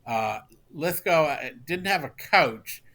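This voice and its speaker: A man's voice: a little high, expressive, slow pace, pushed and bright. A man guesting on a podcast, telling behind-the-scenes stories in an explanatory, storytelling way. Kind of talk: casual chat, anecdotes.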